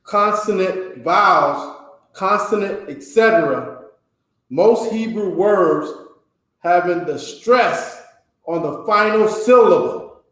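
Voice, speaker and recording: Slow man teaching in an echoey room. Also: on the high side. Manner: slow, ends phrases with a checking "okay?". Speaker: class teacher. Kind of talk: reading a text aloud and explaining it.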